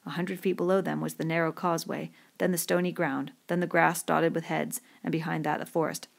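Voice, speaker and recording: A woman narrating a novel in a steady, measured voice. Her voice sits fairly low and has a gravelly, creaky texture. The reading is calm and descriptive. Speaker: audiobook reader. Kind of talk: scripted narration.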